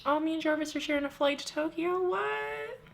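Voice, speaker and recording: A woman's voice: very high voice, a little fast, vocal fry, over loud music. A woman hosting a casual chat, joking, swearing and laughing often. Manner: laughs often, jokey and profane. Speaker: host.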